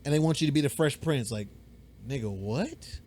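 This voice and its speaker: A young man co-hosting a podcast, telling a story in a rambling, animated way, swearing freely and acting out the voices of people he quotes. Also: on the high side, fast. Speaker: podcast co-host. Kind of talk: casual storytelling chat. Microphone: podcast mic.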